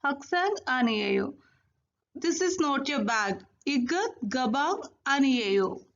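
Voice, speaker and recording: A woman teaching a recorded language lesson, saying each new word slowly and repeating it twice. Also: high voice, expressive, dull audio.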